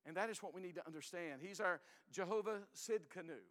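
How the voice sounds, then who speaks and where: An older man preaching a sermon in a folksy, emphatic way, swinging between loud and hushed. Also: high-pitched, brisk, in a large hall.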